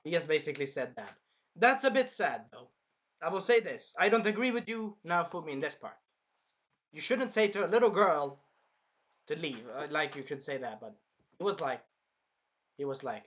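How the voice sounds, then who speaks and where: A man giving a casual anime episode review, excitable, acting out scenes in bursts and swearing freely. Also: a little high, normal speed, long pauses.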